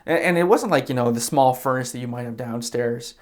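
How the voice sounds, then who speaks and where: A pastor with a mid-range voice preaches a sermon a little fast, retelling scripture casually and conversationally. He briefly acts out the characters' lines as he tells the story, often saying fillers like "you know" and "like".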